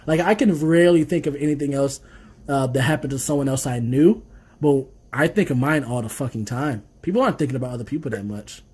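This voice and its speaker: A man's voice: medium pitch, fast, a little mellow, husky. A man, co-hosting a podcast in casual, laid-back chat full of swearing and laughter. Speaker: podcast co-host.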